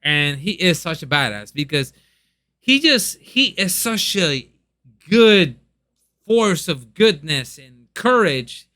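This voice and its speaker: A man's voice: on the high side, big pitch swings, slow pace, sharp tone, dry recording. A young man chatting casually and eagerly in a review, with lots of ums and restarts. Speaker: manga reviewer.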